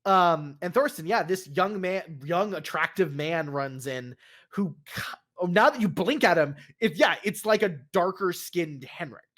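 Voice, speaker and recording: A man's voice: high voice, a little slow, fairly bright tone. A man narrating a tabletop role-playing game as game master, rambling with many fillers and restarts.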